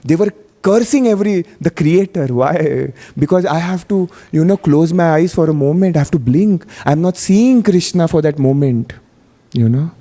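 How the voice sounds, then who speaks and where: Delivering a storytelling sermon in a temple hall as a guest at a feast class, this man speaks at normal speed in a slightly high, expressive, warm voice. He's talkative, peppers his speech with "you know," and frequently asks the audience questions, all under long hall reverb.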